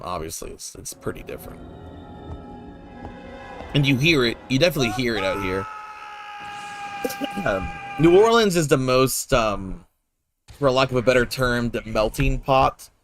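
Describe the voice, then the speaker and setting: Male streamer, mid-pitched, loose rambling commentary over faint game music. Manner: rambling, laid-back, many fillers, casual swearing. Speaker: gameplay streamer. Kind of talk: casual gameplay commentary.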